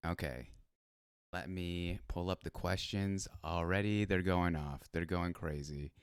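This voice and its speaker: Laid-back guy hosting a stream chat, lowish smooth voice, dry close sound. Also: unhurried, dry recording. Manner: laid-back, relaxed, affirming fillers. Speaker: host. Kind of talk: casual interview chat.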